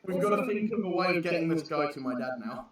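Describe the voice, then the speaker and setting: A man playing a tabletop game, eager and quick to suggest plans. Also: a little high, animated, heavy reverb, distant mic, rough recording. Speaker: player.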